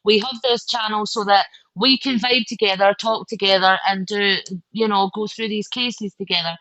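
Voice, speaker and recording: A woman's voice: mid-range voice, fairly even intonation, moderate pace, a bit bright, dry recording, rough recording. A Scottish woman co-hosting a podcast, chatty and teasing in casual conversation. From Scotland. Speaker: podcast co-host. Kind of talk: casual chat.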